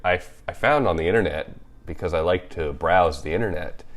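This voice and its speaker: Young male co-host, very deep voice, animated and jokey. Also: fairly quick. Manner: animated, jokey, laughs often. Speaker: podcast co-host. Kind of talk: casual movie chat.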